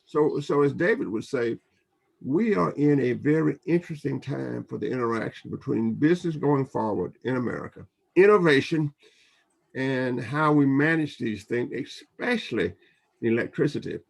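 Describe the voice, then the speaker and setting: A man's voice: medium pitch, animated, normal speed, creaky. An older man, a professor, speaking in a roundtable discussion in a rambling way that often repeats words.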